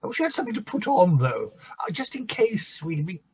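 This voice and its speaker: An actor playing a tipsy, flirtatious bishop who fusses and quotes scripture. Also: male voice, high voice, big pitch swings, brisk, a little mellow, slightly rough, full character voice. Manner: fussy, camp, quoting scripture. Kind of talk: comic stage play reading. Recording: dull lo-fi recording.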